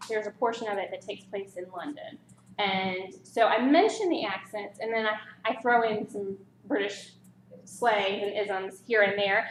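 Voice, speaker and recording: A woman presenting a writing workshop in a casual, chatty way, animated with light laughs. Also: medium pitch. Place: library meeting room. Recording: roomy echo, faint background noise.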